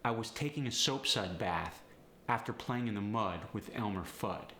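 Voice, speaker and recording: A man's voice: fairly low pitch, expressive, normal speed, sharp tone. A man teaching actors an accent step by step, explaining each sound swap in an instructive way. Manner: instructive, breaks down sound swaps. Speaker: accent coach. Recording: echoey room with faint noise.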